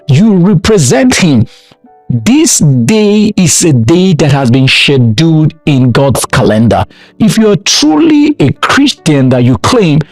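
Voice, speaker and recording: A man's voice: high voice, dry recording. A man from Nigeria preaching a sermon with emphatic repeated refrains. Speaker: pastor.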